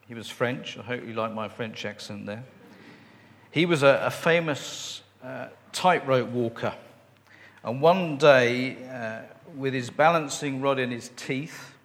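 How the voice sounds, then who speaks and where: A man preaching a sermon and reading scripture, unhurried, with fillers and friendly asides. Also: mid-range voice, a bit bright, big-room sound. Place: church.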